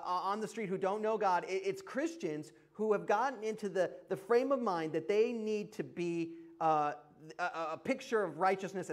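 High-voiced preacher, chatty and laughing. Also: male voice. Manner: conversational, laughs often, emphatic asides. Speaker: pastor. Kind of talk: sermon. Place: church.

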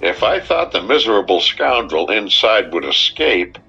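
A man voicing an earnest young man who pleads with an angry crowd in a clear, impassioned manner. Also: fairly low pitch, very animated, moderate pace, sharp tone, highs cut off, faint music behind, pitched above the performer's own voice, exaggerated voice.

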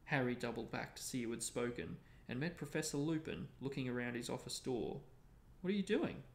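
Male reader, creaky tone, echoey room sound. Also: medium pitch, a little fast. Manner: steady storytelling. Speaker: reader and show host. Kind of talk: reading a novel aloud. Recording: roomy echo.

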